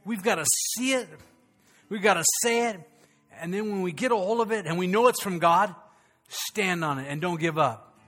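A man's voice: a little high, a bit bright. An older man preaching a sermon as pastor, folksy and storytelling, rising to fervent, rhythmic preaching.

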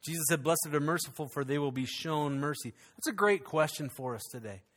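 A middle-aged male pastor preaching in a high, bright voice. He keeps it conversational and joking, stumbling over repeated words as he goes. His voice rings out with a long reverb from the hall. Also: fairly quick. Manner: humorous, conversational preaching with many restarts. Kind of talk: sermon.

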